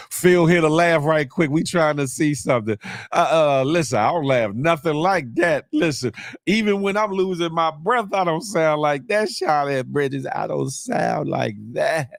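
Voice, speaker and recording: A man from Washington, D.C. hosting a casual morning livestream, animated and chuckling as he greets viewers by name. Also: on the high side, no echo, studio quality. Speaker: host of a morning live show.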